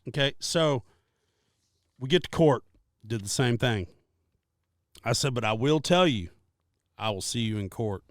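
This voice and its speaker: A man's voice: mid-range voice, a little slow, pauses often, no room sound, clean studio sound. A man telling a story on a podcast, swearing freely and acting out what everyone said. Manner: profane, animated storyteller acting out quotes. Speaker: podcast co-host. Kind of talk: casual storytelling.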